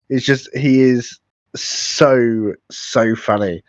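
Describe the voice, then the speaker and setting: A man's voice: medium pitch, moderate pace, no room sound, dull audio. A man co-hosting a podcast in casual chat, often laughing and acting out quotes as he retells things. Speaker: podcast co-host.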